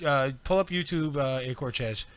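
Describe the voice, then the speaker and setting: A man co-hosting a podcast, trading crude jokes in casual banter, quick with retorts and laughing at his own lines. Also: medium pitch, clear, resonant tone, no room sound. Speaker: podcast co-host. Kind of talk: casual joke-swapping banter.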